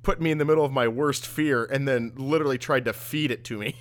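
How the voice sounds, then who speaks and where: A man's voice: medium pitch, fast. A man in casual podcast chat, reacting to a friend's stories with easygoing jokes. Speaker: podcast co-host.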